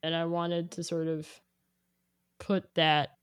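A young adult woman chatting casually, rambling and filling her speech with "like", growing animated when she quotes herself. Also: sits low, slow, smooth, no room sound, studio quality. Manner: rambling, heavy use of "like", animated when quoting. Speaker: guest sharing a playlist. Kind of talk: casual chat.

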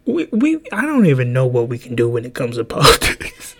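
A young adult man hosting a podcast, ranting casually in a rambling, profane way that jumps between pitches. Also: huge pitch swings, fairly quick, a bit bright. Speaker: podcast host.

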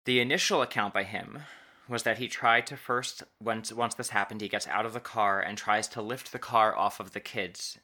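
Podcast host, male, low and bright, casual storyteller who slows down to stress key words. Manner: halting, restarts and stretched emphasis on key words.

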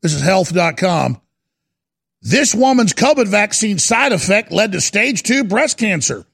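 A man's voice: high voice, big pitch swings, unhurried, vocal fry, a bit bright, breathy edge. A man hosting a call-in radio show, reading headlines aloud in a sarcastic, mocking tone. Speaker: radio talk show host. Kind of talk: heated call-in radio monologue.

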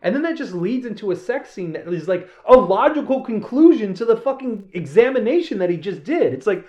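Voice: medium pitch, a little fast. A podcast co-host talking casually about a film, swearing freely and acting out lines in quotes. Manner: animated, profane, acts out quotes.

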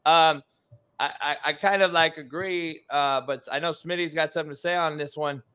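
A man's voice: a little high, fairly even intonation, moderate pace, sharp tone, smooth. A male host keeping the talk loose and hyped, cursing casually with his guests. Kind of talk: casual sports show banter.

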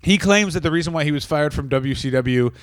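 A man's voice: fairly high pitch, fairly quick, no room sound. A man in his thirties co-hosting a comedy podcast, ranting in casual chat with profane bursts of mock outrage. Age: 30s.

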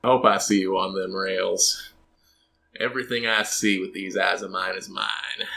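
A man voicing a menacing gunslinger outlaw with a slow, low drawl. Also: steady tone, creaky, sharp tone, exaggerated voice.

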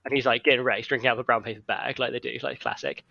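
A man's voice: medium pitch, fairly even intonation, racing, creaky, pushed and bright, dry recording, highs cut off. A man in casual chat with friends, retelling a film plot in a rambling way with lots of "like". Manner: rambling storytelling, heavy use of "like".

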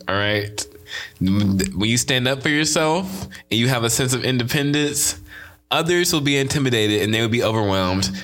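A man's voice: fairly low pitch, fairly bright tone. A young man hosting his own podcast in a casual solo monologue, giving playful, preachy, jokey motivational talk. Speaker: podcast host.

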